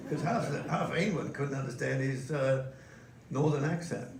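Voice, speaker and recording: A man's voice: mid-range voice, moderate pace, a crowd in the background. Older man telling stories. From Australia. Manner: anecdotal, chuckling storyteller. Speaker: interview guest. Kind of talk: live stage interview. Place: museum event hall with audience. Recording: echoey hall from far off, noisy.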